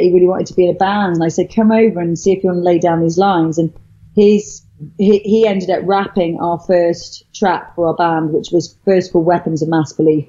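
A woman's voice: lowish voice, dark tone. A middle-aged woman from Wales, a guest telling her story in casual chat, rambling with many fillers and restarts. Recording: dull lo-fi sound.

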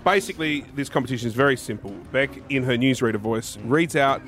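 A man's voice: mid-range voice, fast, fairly bright tone. A man co-hosting a breakfast radio show, teasing his co-hosts and explaining a game. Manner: teasing, jokey. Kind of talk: casual radio banter.

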